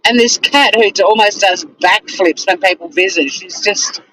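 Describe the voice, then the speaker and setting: A woman's voice: medium pitch, normal speed, sharp tone, a little hiss or hum, low-quality recording. A woman chatting casually on a livestream, answering viewers and ranting bluntly with plenty of swearing and laughter. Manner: blunt, exasperated, swears freely, laughs often. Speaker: streamer. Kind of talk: casual livestream chat reading viewer comments.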